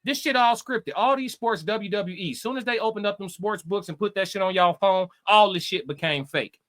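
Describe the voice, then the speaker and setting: A man's voice: sits high, normal speed, a bit bright. A man hosting a live reaction stream, reading his chat aloud and answering with brash, profane, taunting trash talk that repeats itself.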